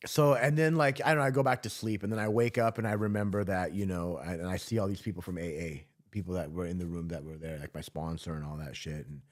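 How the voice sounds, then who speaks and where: Guy with a lowish voice, swears a lot, rambling story, keeps laughing it off. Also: fairly even intonation, quick pace, hardly any pauses. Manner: profane, rambling, many restarts. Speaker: podcast guest. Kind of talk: casual storytelling interview.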